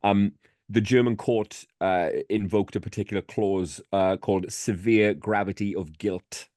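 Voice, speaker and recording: A man with a very low voice co-hosts a casual podcast, rambling along with plenty of fillers and the odd swear word. The recording is dry and close, with no room sound. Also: fairly even intonation, measured pace, a little mellow, dry recording. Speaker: podcast co-host.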